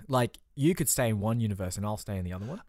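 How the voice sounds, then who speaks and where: Low-voiced man laughing along on a podcast. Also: animated, very fast, a little mellow, no room sound, clean studio sound. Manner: chuckling, agreeable, builds on ideas. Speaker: podcast co-host. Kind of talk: casual comedic brainstorming chat.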